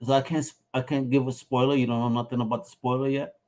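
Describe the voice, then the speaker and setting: A man co-hosting a casual podcast chat, brash and excitable, swearing freely and swinging between loud bursts and low mutters. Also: quick pace. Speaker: podcast co-host.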